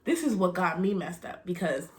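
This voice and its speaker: A woman's voice: fairly low pitch, very animated, moderate pace, darkish tone, slight background noise. A young adult woman chatting casually in a storytime vlog, retelling events dramatically with gasps and laughter. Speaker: vlogger telling a story.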